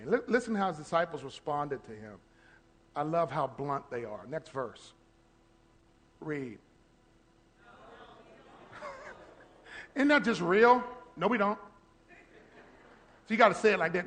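A male pastor preaching a sermon, acting out prayers and shouting in bursts. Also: on the high side, a little slow, long pauses. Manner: animated, shouting and acting out quotes.

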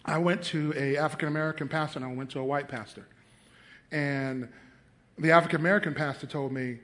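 A man's voice: a little high, steady tone, a little fast. A man preaching a sermon as pastor, telling a personal story, acting out the people he quotes, and asking his congregation questions. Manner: storytelling preacher, acts out quoted voices, rises to loud emphatic stretches.

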